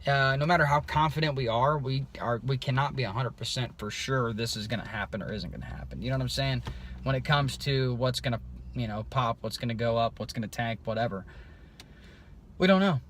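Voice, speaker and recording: A man giving a casual, rambling video update, loose and unscripted, with many pauses and restarts. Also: mid-range voice, fairly bright tone. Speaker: crypto vlogger.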